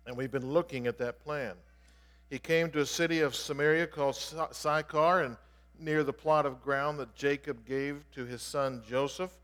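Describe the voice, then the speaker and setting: A man's voice: fairly high pitch, fairly even intonation, normal speed, fairly bright tone. A man preaching an explanatory sermon in an earnest way, stressing key words as he teaches. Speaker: pastor. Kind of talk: expository sermon. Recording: long reverb of a large hall.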